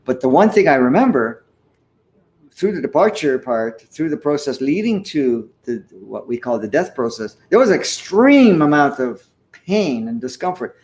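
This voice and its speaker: An older man in his sixties recounts a personal experience in conversation. His voice sits a little high for a man, and he talks in an earnest, animated way, breaking into the odd chuckle. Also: normal speed. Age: 60s. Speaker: guest. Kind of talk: conversational storytelling.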